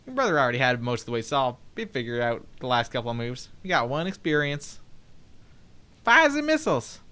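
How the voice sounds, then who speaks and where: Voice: mid-range voice, animated, quick pace, fairly bright tone, clean tone. A let's play host giving casual gameplay commentary, reading game text aloud with joking asides, chatting to viewers, swearing and laughing now and then.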